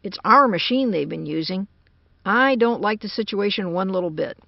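A woman's voice: medium pitch, animated, normal speed, creaky, no room sound. An anxious engineer man talks with urgent unease, as a woman narrator puts him on. The storybook recording is dry and dull, like an old lo-fi tape. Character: worried American man, a computer engineer.

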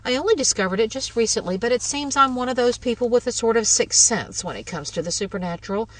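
A woman's voice: on the high side, lively intonation, quick pace, recorded from a distance, pitched above the performer's own voice. A woman doing a gushing ghost-mad busybody. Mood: excited. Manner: gushing, breathless, triumphant. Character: eager, meddlesome older woman obsessed with ghosts.

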